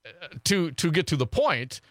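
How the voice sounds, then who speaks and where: A male talk radio host who talks in animated, incredulous bursts and laughs often. His voice is bright and swings widely in pitch. The studio sound is dry and close. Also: normal speed, dry recording.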